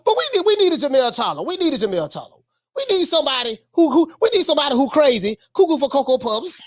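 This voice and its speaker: Excitable woman with a high voice. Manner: excitable, laughing, repeats phrases. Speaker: live-stream host reacting to a video. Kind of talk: excited reaction commentary.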